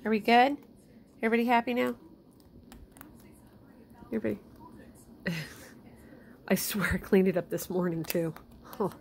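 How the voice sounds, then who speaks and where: A woman's voice: medium pitch, normal speed, creaky, long pauses, a little hiss or hum. A woman at home talking playfully to her pets, teasing them and speaking to them like children. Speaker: pet owner filming her pets. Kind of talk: casual chat with pets.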